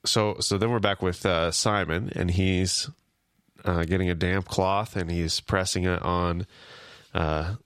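A man with a very low, deep voice co-hosts a casual podcast, walking through an episode and playfully voicing the characters' lines. The sound is dry and close, with no room around him. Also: fairly even intonation, a bit bright, smooth, dry recording. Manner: retells scenes, acts out lines with quick quips. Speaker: podcast co-host. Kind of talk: casual podcast recap chat.

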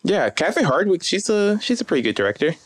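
A man's voice: high voice, big pitch swings, quick pace, husky, no room sound. A man co-hosting a podcast in casual chat, wry and teasing. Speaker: podcast co-host.

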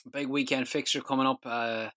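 Bright-voiced man hosting a football podcast. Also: mid-range voice, fairly even intonation, normal speed, no echo, clean studio sound. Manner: loose, filler-heavy. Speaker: podcast host. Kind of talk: casual football discussion.

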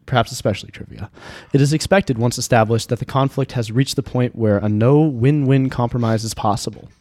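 A man running a tabletop game, reading the rules out in a measured way. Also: medium pitch, darkish tone, dry recording. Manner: measured, reads rules aloud. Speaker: game master.

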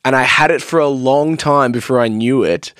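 A young man chats casually on a podcast. He swears freely and rambles through animated stories. His voice is mid-pitched and recorded dry and close on a studio mic. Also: normal speed, clear, resonant tone, dry recording. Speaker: podcast guest, vocalist and producer. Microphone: studio mic on a stand.

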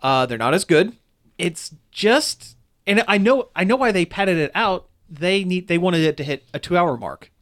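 A man's voice: high voice, lively intonation, moderate pace, a bit bright. A man in casual chat reviewing a film, rambling with restarts and fillers as he goes. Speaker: movie reviewer.

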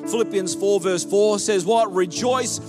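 Animated, high-voiced man preaching a sermon. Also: normal speed, music in the background. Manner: animated preaching that leads the congregation. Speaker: pastor. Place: church hall with a congregation.

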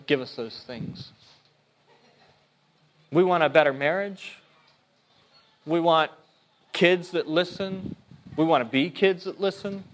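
High-pitched, conversational male preacher. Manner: conversational, animated, voices quotes in a higher pitch. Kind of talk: sermon.

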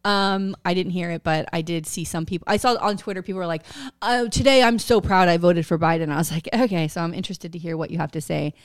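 A woman's voice: on the low side, steady tone, fast talker, hardly any pauses, smooth, no echo, clean studio sound. A middle-aged American woman co-hosting a podcast in casual chat, blunt and profane, laughing often. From United States. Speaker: podcast co-host.

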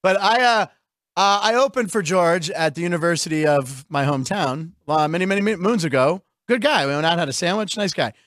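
A middle-aged male host from Pittsburgh with a notably high voice, recorded dry and close. He rambles through a casual comedic chat, tossing out jokes and quick asides. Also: fairly bright tone, no room sound.

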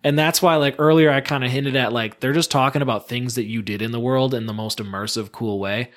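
A man's voice: medium pitch, fairly even intonation, brisk. A man who is a podcast guest, rambling eagerly through a long story and acting out the lines of the people in it. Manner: rambling enthusiastic storyteller, acts out quotes. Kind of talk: casual chat.

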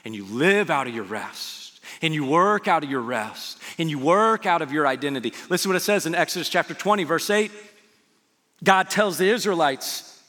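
A man's voice: fairly high pitch, animated, normal speed, pushed and bright. A man preaching as a pastor, talking to his listeners conversationally and asking them rhetorical questions. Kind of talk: sermon. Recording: long hall reverb.

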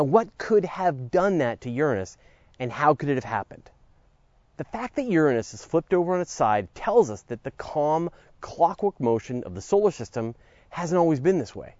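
A man's voice: a little high, a little mellow, no echo, muffled recording. A man hosting a podcast, reading a scripted science script with a playful, jokey manner and theatrical asides. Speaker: podcast host.

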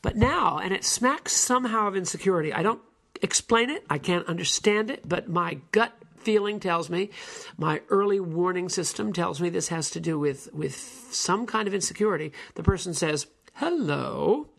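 A man's voice: sits high, normal speed, vocal fry, fairly bright tone. A man giving a spoken lecture on language in a musing, digressive way, now and then mimicking how people intonate.

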